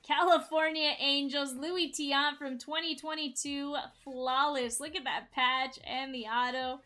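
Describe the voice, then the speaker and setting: A woman hosting a live card-break stream, hyping each card she pulls and shouting out viewers in the chat. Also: sits high, steady tone, a little slow, faint music behind. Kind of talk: live-stream sales patter.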